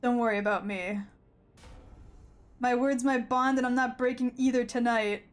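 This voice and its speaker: A woman voicing a proud, stubborn gang boss in a video game, reading his lines in close to her own high voice. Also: steady tone, moderate pace, clear, resonant tone, close to an everyday voice. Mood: resolute.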